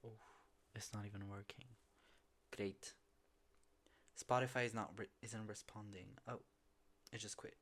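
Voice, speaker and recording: A man's voice: lowish voice, fairly even intonation, measured pace, long pauses, fairly bright tone. A man hosting a podcast, telling a story casually and profanely, often laughing at himself. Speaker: podcast host. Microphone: phone.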